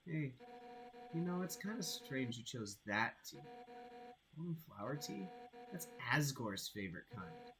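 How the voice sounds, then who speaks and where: A man reading a game aloud while voicing a brash, hot-headed female fish warrior captain in a loud, blunt way. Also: medium pitch, sing-song, measured pace, pauses often, over music, low-quality recording. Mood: confiding. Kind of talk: reading game dialogue aloud on a live stream.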